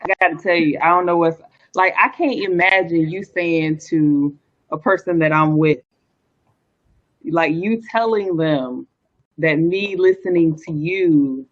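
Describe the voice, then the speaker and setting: A woman's voice: on the low side, measured pace, dull audio. A woman questioning a guest in a casual chat, incredulous and probing.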